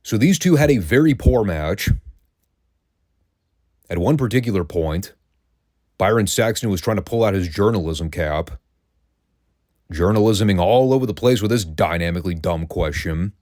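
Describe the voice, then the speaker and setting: A man's voice: deep voice, animated, normal speed, long pauses, darkish tone, dry recording, clean studio sound. A man hosting a review podcast, ranting in a sarcastic, profane way. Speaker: podcast host reviewing wrestling.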